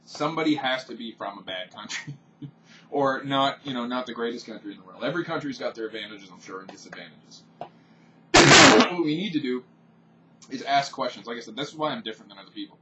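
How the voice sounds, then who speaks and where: A man vents in a blunt, opinionated monologue full of profanity, his voice bright and forceful. He sits back from the mic, so he sounds distant. The audio is dull and home-recorded. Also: mid-range voice, slight background noise. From Canada. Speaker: vlogger. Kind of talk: off-the-cuff ranting monologue.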